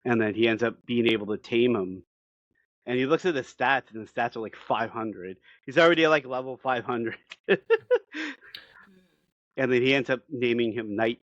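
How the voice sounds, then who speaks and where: Excitable man recapping an anime, lo-fi. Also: medium pitch, normal speed, dry recording. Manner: animated storytelling with frequent laughs. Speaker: podcast co-host. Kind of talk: casual episode recap. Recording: dull dry lo-fi sound.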